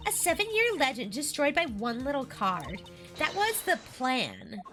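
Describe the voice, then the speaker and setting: A woman's voice: sits high, huge pitch swings, measured pace, fairly bright tone, faint music behind, exaggerated voice. A woman voicing a brash young female card dealer and con artist in a Valley Girl voice. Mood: boastful.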